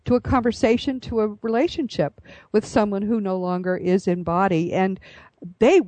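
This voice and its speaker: A woman's voice: mid-range voice, fairly even intonation, normal speed, mellow, dry recording. A woman hosting an interview, speaking earnestly and effusively to her guest. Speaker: host. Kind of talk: interview talk.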